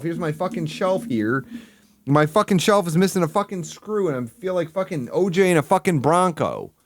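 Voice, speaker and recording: Profane ranting man, lively pitch. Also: dry recording. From Michigan. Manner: profane ranting, swinging from loud outbursts to low mutters. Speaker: livestream host. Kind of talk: casual stream commentary.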